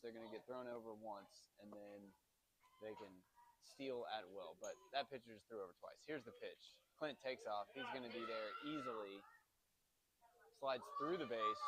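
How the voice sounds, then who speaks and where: A man with a Texan accent calling a youth baseball game, chatting with viewers and getting louder on big plays. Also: medium pitch, noisy background. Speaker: youth baseball play-by-play announcer. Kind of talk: casual play-by-play commentary. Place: outdoor youth baseball field.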